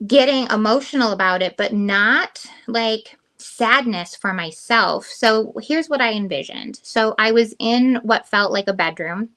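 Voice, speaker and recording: A woman's voice: fairly high pitch, unhurried, hardly any pauses, fairly bright tone. A middle-aged woman co-hosting a podcast, telling a personal story candidly and emotionally with lots of fillers. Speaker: podcast co-host. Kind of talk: casual chat.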